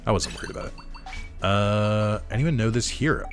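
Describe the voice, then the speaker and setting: Male let's-play host with a lowish voice, loose and rambling, joking at his own expense, soft game music behind him. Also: very animated, fast. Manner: rambling and self-deprecating, with many fillers. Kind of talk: casual gameplay commentary.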